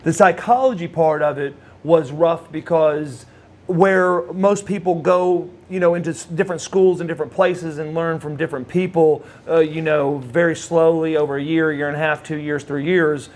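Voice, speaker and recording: A man's voice: fairly high pitch, fairly even intonation, moderate pace, a little mellow. A middle-aged man, a former wrestler, telling stories in a rambling way with many fillers and restarts. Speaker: former wrestler, interview guest. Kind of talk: casual storytelling.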